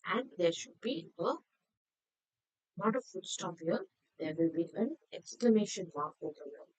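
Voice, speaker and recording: Woman teacher, lower register, patient step-by-step explainer; dry close-mic lesson read. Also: lively intonation, measured pace, a little mellow, no room sound, low-quality recording. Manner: methodical, explains answers step by step.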